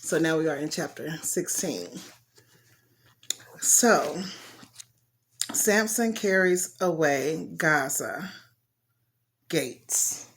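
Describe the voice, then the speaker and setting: A woman's voice: deep voice, very slow, pauses often. A woman reading a Bible story aloud in a casual way, stopping to comment on it in slangy asides. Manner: chatty, talks back to the story with slang asides.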